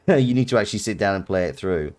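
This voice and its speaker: A man's voice: fairly low pitch, animated, fast talker, darkish tone. A British man streaming a video game live, reacting with amused laughter. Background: faint game music.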